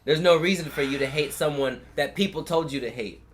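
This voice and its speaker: With a higher-pitched voice and a quick pace, this young man from California spins stories in relaxed talk. He swears liberally and mimics whoever he's quoting.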